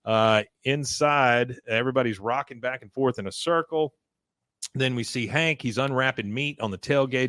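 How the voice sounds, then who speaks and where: A male podcast host who recaps a cartoon episode in a loose, chatty manner. His pitch is mid-range, and the recording is dry and close with no room sound. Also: fairly bright tone, dry recording. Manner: chatty, with fillers and laughs.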